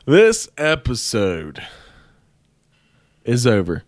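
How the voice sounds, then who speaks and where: Laid-back guy on a podcast, slow drawl, swears a lot, dry close sound. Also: mid-range voice, wildly swooping pitch, dry recording. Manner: swearing storyteller, laughs often. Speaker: podcast co-host. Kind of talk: casual chat.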